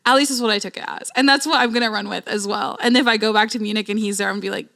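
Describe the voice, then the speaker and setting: A young woman hosting a podcast, telling a travel story in a chatty, slangy, animated way. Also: a little high, fast talker, hardly any pauses. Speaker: podcast host. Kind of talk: casual storytelling.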